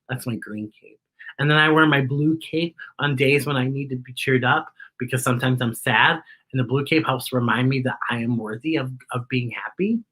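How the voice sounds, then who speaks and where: A woman hosting a children's story time who reads aloud with lots of expression and turns often to speak to her young listeners. Her voice is bright and clear, and her delivery rises and falls to bring the story to life. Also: very deep voice.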